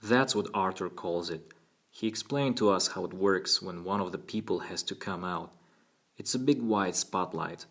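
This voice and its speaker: A man's voice: sits low, a bit bright. David, a man playing a scared young boy. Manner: timid and halting. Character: frightened eight-year-old boy.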